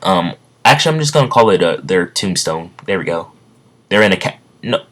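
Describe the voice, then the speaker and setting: A man casually retelling a story off the cuff, rambling and halting, with many fillers and self-corrections. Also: low-pitched, sing-song, a bit bright. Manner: stumbles over words. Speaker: fan storyteller.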